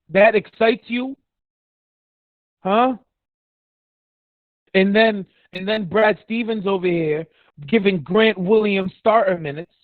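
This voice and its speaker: A podcast co-host of Dominican heritage launches into a heated, profane, sarcastic sports rant. His voice is high, with no room sound, and the recording is dry and tinny like a phone line.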